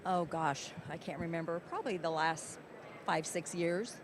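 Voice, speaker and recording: A woman contestant, hoarse from losing her voice, answering interview questions in a modest, soft-spoken way. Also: fairly low pitch, moderate pace. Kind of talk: live event interview. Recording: background noise.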